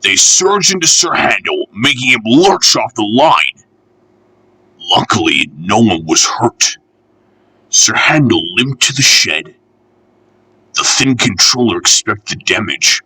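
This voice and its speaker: A man reading a children's railway storybook aloud in an expressive, measured way. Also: lowish voice, breathy edge, dry recording.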